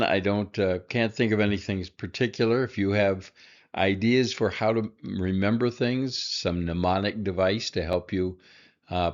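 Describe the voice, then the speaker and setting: A man walks through a lesson slowly, in a very deep voice. He halts often with fillers and drops in dry little asides. The recording sounds a bit dull and lo-fi. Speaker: Hebrew teacher.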